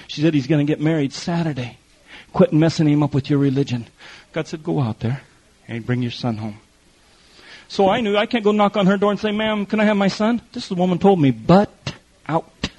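Pitched high and a bit mellow, a middle-aged man delivers a folksy testimony sermon full of stories in which he acts out the other people. He uses quoted voices and repetition, captured on a muffled lo-fi recording.

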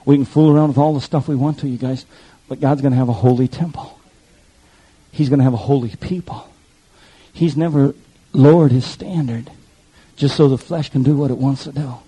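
A man's voice: mid-range voice, warm tone, husky, rough recording. A male pastor preaching an impassioned sermon, speaking directly to his congregation.

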